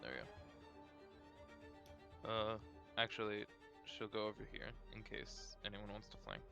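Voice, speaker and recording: A man's voice: fairly low pitch, huge pitch swings, takes it slowly, music in the background. A man playing a tabletop game, talking casually and hesitantly about his moves. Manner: hesitant, filler-heavy. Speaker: player.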